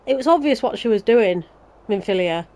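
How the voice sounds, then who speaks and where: A woman's voice: medium pitch, expressive, normal speed, darkish tone. A Yorkshire woman hosting a let's play, chatting sarcastically and ranting about the story. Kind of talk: casual game commentary.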